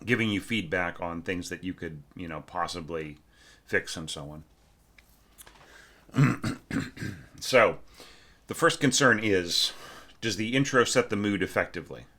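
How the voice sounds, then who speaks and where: Deep chatty man giving feedback on a score. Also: sharp tone. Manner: chatty and emphatic, sings phrases aloud to demonstrate. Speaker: orchestration teacher. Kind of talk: casual spoken feedback on a student's score.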